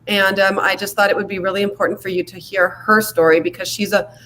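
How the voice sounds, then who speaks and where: A woman hosts a live online show and introduces her guest with many pauses and fillers. Her speech sounds emotional and unsteady. A faint room ambience sits under her voice. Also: medium pitch, flat delivery, pushed and bright, a little hiss or hum, rough recording. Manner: halting, filler-heavy, emotional. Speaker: livestream show host. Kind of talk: casual heartfelt introduction.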